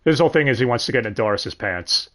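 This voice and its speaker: A young man hosting a casual livestream, his pitch bouncing up and down as he talks. He rambles, trips over his words, swears freely and corrects himself mid-sentence. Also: animated, quick pace, a bit bright. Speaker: stream host.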